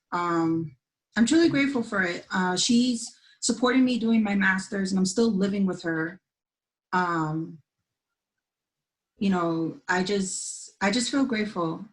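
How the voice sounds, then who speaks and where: A woman's voice: medium pitch, low-quality recording. Candid young woman from New York. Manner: candid, laughs easily. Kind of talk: casual panel chat.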